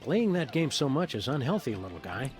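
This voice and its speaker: A man voicing a calm, upright dog detective in a video game, speaking in polite, measured, wordy phrases. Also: medium pitch, close to an everyday voice. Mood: dry. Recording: game audio under music.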